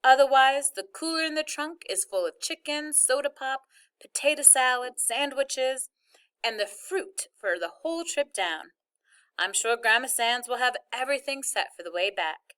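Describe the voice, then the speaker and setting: A woman reading a novel aloud, voicing an organized mother who lays out plans in a steady, matter-of-fact way. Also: high voice, moderate pace, clean tone, pitched above the performer's own voice. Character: organized, practical mother explaining trip plans.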